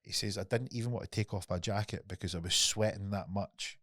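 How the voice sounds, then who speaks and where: A man hosting a podcast, telling a story in a casual, animated way, swearing freely and acting out what people said. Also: lowish voice, a little fast, dry recording, studio quality. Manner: animated storyteller, swears often, acts out quotes. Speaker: podcast host.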